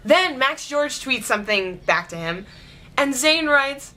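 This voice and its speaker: A woman vlogging in casual chatty storytelling, giggly, excitable and gushing. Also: high-pitched, unhurried.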